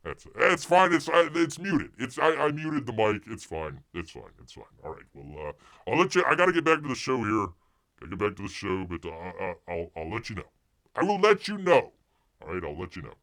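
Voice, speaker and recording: Animated man hosting a live stream. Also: on the low side. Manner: refers to himself in the third person, halting with many restarts. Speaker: live show host. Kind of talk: casual live-stream chat.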